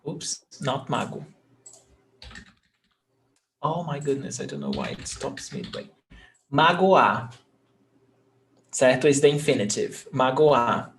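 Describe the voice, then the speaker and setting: A man's voice: mid-range voice, unhurried, gravelly, pauses often, slight background noise. A man, teaching a language class and patiently repeating example words. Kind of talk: live online class.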